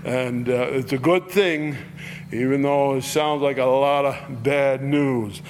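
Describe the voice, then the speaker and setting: A man's voice: mid-range voice, steady tone, takes it slowly, a little hiss or hum. A man teaching through a Bible passage verse by verse in a folksy, conversational way, reading scripture aloud and then explaining it.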